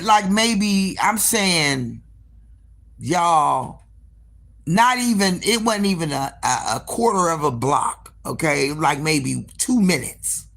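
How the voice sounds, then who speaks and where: Animated, foul-mouthed woman telling a story. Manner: animated and profane, with frequent swearing and direct asides to listeners; acts out dialogue, jumping up sharply in pitch for quoted lines. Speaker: hair salon owner. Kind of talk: casual storytelling on a live stream.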